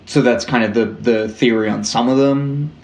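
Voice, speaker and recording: Man chatting in a roomy echo. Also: medium pitch. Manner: relaxed, halting with fillers and restarts. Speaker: podcast co-host. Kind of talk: casual true-crime chat.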